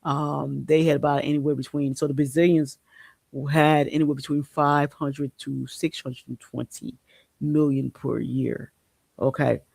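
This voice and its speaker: A man hosts a podcast, talking in a slightly high, gravelly voice. He is blunt and profane, and he rambles with frequent restarts. The sound is dry and close. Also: flat delivery, measured pace, a little mellow, no room sound. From Haiti. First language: Haitian Creole. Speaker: podcast host. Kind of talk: casual opinion commentary.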